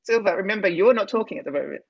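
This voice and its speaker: A woman playing a tabletop game, bubbly and eager in casual chat. Her voice is breathy and swings widely in pitch, sitting in a middle register. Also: lively intonation, rapid-fire, lo-fi sound. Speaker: player.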